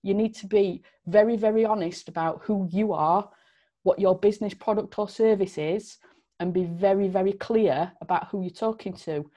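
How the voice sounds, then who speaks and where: A woman's voice: mid-range voice, moderate pace, dark tone. A woman hosting a podcast, explaining in an earnest, emphatic way. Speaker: podcast host. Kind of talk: casual chat.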